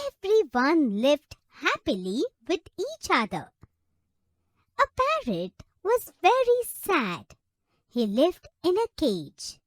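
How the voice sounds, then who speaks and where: High, sing-song woman storyteller. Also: no echo, clean studio sound. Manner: slow, expressive and sing-song. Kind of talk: children's story narration.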